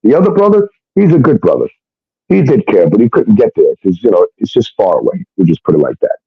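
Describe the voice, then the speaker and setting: A man's voice: deep voice, huge pitch swings, a little fast, creaky, slightly rough, no room sound. A man telling a personal story in a casual, emphatic way, often swearing and tagging sentences with "okay?". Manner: emphatic, profane, keeps adding "okay?". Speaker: guest. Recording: dull, dry lo-fi sound.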